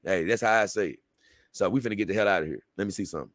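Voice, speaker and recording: Talking very fast in a low, fairly bright voice, this man wraps up his livestream in a loose, rambling way, addressing viewers as "man" and "baby." The recording has no echo.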